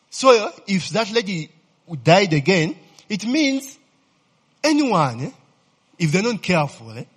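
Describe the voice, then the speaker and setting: A man's voice: fairly high pitch, husky. A man preaching a sermon, constantly checking in with his listeners and asking them to fill in words. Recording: reverberant hall.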